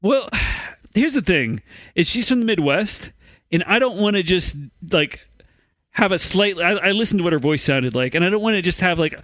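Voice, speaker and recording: A man with a notably high speaking voice co-hosts a comedic news podcast. He reads the stories, then trails off into hesitant, self-conscious asides. The sound is close and dry. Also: animated, moderate pace, fairly bright tone, no room sound, rough recording. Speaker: podcast co-host reading news.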